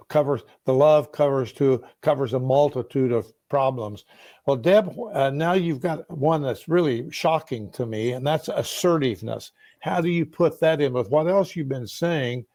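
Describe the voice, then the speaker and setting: A man's voice: mid-range voice, darkish tone, no echo. Reflective male interviewer, dry close sound. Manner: reflective, affirming, sums up guest's points. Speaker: interviewer host. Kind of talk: conversational interview.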